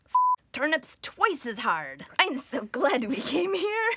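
A rowdy, freshly landed Irish immigrant, put on by a woman, talks in a broad mock-Irish accent. The delivery is crude and over the top, pitched high and loud. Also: wildly swooping pitch, slow pace, background noise, full character voice. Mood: excited. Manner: exaggerated, brash, crude. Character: rowdy newly arrived Irish immigrant men.

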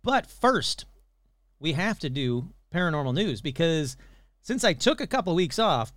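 A man's voice: on the high side, sing-song, moderate pace, a bit bright, no echo. A man hosting his own podcast in a casual, playful solo chat, cheerfully rattling off names of listeners. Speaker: podcast host.

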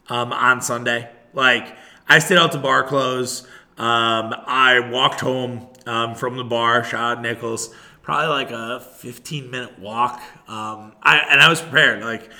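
Man, thirties, podcast host, bright tense voice, profane casual monologue. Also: mid-range voice. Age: 30s. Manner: profane, animated, talks to listeners directly. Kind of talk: casual solo podcast rant.

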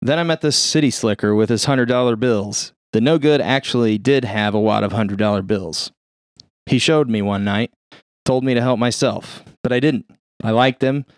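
A man reading a first-person story aloud in a steady, plain-spoken way. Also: mid-range voice, normal speed, smooth, dry recording, studio quality. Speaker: reader.

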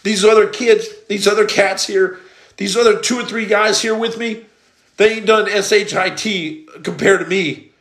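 A man's voice: high-pitched, steady tone, moderate pace, a bit bright. A man telling his personal testimony in a blunt, emphatic, streetwise way, like a preacher. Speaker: storyteller giving testimony. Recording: roomy echo.

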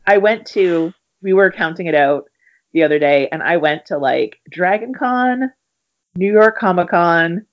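A woman author as a podcast guest, soft-spoken and wry, telling stories with playful impressions of others. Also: lowish voice, expressive, a little slow, lo-fi sound. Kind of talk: remote interview.

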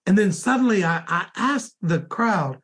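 Husky guy preaching, tells a dream slow and halting, keeps restarting his words. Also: high-pitched, animated, a bit bright. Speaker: minister. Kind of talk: sermon storytelling, recounting a dream.

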